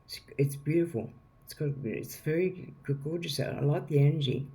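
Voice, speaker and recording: A man talks viewers through a tarot reading in a loose, wandering way, circling back on his words and checking in with them. His voice sits a little high for a man yet sounds mellow and warm. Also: normal speed. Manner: rambling, repeats himself, checks in with "okay?". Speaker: tarot reader.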